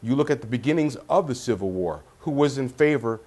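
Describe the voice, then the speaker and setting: A man's voice: medium pitch, animated, a little fast, darkish tone. A man speaking as a guest on a political panel, earnest and repeating words as he searches for them.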